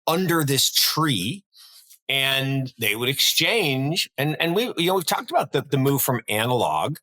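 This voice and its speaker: Bright-voiced man telling a rambling story. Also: medium pitch, measured pace, poor audio. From North Carolina, USA. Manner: rambling, animated storytelling with restarts. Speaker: podcast co-host. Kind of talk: casual market chat.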